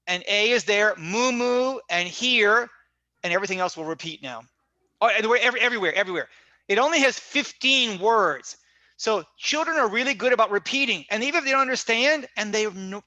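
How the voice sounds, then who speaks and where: High, bright-voiced man teaching online. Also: no room sound, lo-fi sound. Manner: conversational, repeats points, checks in with "right?". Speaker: teacher trainer. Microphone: video call.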